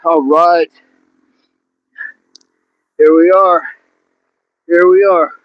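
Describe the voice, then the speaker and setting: Male fitness streamer working out outdoors, out of breath, casual with chat; pitch sits a bit high, muffled lo-fi phone audio. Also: steady tone, very slow. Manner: breathless, greets chat viewers by name between reps. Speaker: fitness livestream host. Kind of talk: live workout chat with viewers. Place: outdoors at the bottom of a hill under a tree. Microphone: phone propped against a tree.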